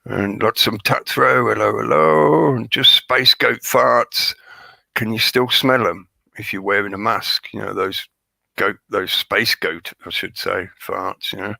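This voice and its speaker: A man hosting a live stream, his voice hoarse and crackly as he chats and jokes with viewers by name. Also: fairly low pitch, little pitch movement, a little slow, pushed and bright, no echo. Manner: chatty, joking, greets viewers by name. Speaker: livestream host. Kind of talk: rambling live-stream chat.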